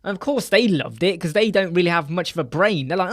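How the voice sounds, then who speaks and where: Animated man hosting a live chat. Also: high voice, quick pace. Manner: animated, acts out quoted voices. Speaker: live stream host. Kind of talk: casual live stream chat. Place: small dark room with soundproof panels.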